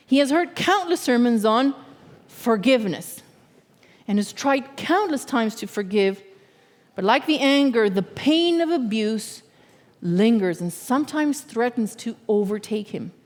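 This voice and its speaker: A woman giving a sermon as a guest speaker in a church, talking in an earnest, measured way and often checking in with her listeners. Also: a little high, animated, darkish tone, long reverb tail. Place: church sanctuary.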